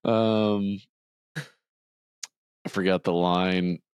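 A man's voice: fairly even intonation, drawn-out words, a little mellow, smooth, no echo. A man casually recapping a film on a podcast, acting out the characters' lines in a raised voice. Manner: retells scenes, acting out quotes in a higher voice. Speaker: podcast co-host. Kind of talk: casual movie recap chat.

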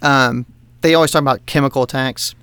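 A man's voice: mid-range voice, steady tone, a little fast, fairly bright tone, clear, resonant tone, dry recording. A man co-hosting a podcast, ranting heatedly about politics, swearing constantly and laughing between points. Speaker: podcast co-host. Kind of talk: profane political rant.

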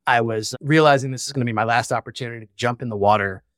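This founder and father talks in a rapid-fire, medium-pitched voice that's a bit bright, appearing as a guest in a candid conversational podcast interview. He swears casually while speaking frankly and reflectively, and the clean studio sound has no room sound.

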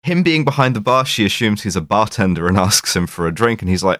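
A man's voice: lowish voice, big pitch swings, fast, hardly any pauses, fairly bright tone, dry recording, studio quality. A man co-hosting a podcast, recapping a film in a rambling, fond way with plenty of fillers. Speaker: podcast co-host. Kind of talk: casual chat.

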